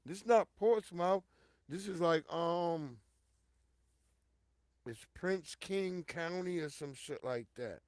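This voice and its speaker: A middle-aged man spins a casual, profane story for his listeners, his voice pitched a touch high for a man. He jumps from loud, excited bursts to hushed, low stretches. The sound is dry and close. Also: takes it slowly, long pauses, clean tone, no echo. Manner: animated and profane, swinging from loud outbursts to hushed low tones; addresses listeners directly and repeatedly. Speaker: show host telling a personal story. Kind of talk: casual storytelling monologue to an audience.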